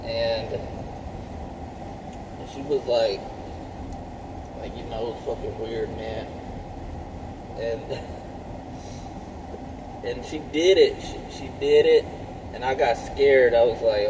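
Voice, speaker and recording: Slow, rambling man in his thirties. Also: medium pitch, steady tone, noisy background. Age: 30s. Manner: rambling, heavy filler words, profane. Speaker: vlogger. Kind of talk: casual rambling monologue.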